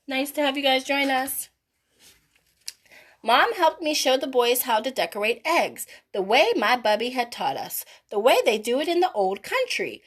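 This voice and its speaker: A woman hosting a live children's story reading, with chatty, animated asides to her young viewers. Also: fairly high pitch. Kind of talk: live read-aloud for children.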